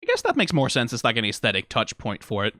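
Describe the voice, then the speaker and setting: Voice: medium pitch, huge pitch swings, fast talker, fairly bright tone, no echo, clean studio sound. A streamer from Denmark with a Danish accent, giving casual, rambling reaction commentary full of fillers and swearing. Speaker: video reactor.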